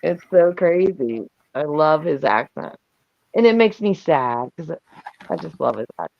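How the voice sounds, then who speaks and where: An older woman chatting on a live stream, loud, brash and profane, laughing often. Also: low-pitched, lively intonation, unhurried, vocal fry, no room sound. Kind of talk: casual chat. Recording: dull lo-fi sound.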